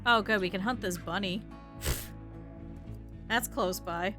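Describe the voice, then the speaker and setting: A woman's voice: on the high side, expressive, unhurried, pauses often, pushed and bright, faint music behind. A young woman streaming a video game, chatting casually with her viewers and swearing in exasperated bursts at the game. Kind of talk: casual gameplay commentary.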